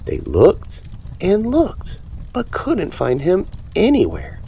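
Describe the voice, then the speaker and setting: A man reading a children's picture book aloud with expressive, animated storytelling. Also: high voice, takes it slowly, vocal fry, slightly rough. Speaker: storybook reader.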